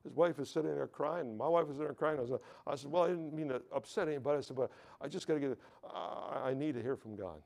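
A man's voice: a little high, fast, creaky, few pauses, a little mellow. An American man preaching a sermon, telling a personal testimony, often stumbling and repeating words and calling out to the congregation for amens.

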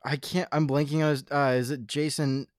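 A man's voice: a little high, level tone, brisk, no echo. Brief: man, podcast co-host, playful and teasing, dry close sound. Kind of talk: casual chat.

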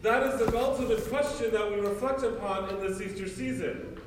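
A man's voice: high-pitched, normal speed, a little hiss or hum. A male priest giving a sermon, preaching emphatically with repeated rhetorical questions. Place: church. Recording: echoey church from far off.

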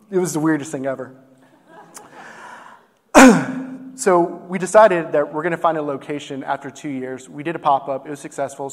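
A young man from Texas, a barbecue business owner, earnestly telling a heartfelt personal story on stage with plenty of fillers. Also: a little high. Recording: long hall reverb.

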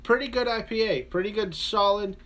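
Man, radio co-host, fairly high voice, casual rambling chat, many fillers. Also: a little fast, fairly bright tone. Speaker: radio show co-host reviewing beer.

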